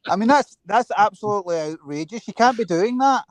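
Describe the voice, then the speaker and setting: High-voiced indignant male guest. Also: expressive, a little fast, no echo. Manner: mock-indignant, defensive. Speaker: panel guest. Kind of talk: casual chat.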